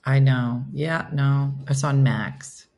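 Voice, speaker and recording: A woman's voice: rumbling low, slow, darkish tone. A woman hosting a casual livestream chat, reading and reacting to viewer comments with frequent laughter.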